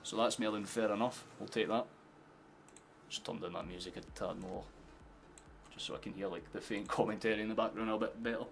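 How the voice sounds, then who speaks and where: A man chats through a football match for his live stream, swearing freely and laughing easily. His voice sits low, and there is a faint hiss of background noise. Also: fairly even intonation, gravelly. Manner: chatty, swearing, quick to laugh. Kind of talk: casual live match commentary. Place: home streaming setup with headphones.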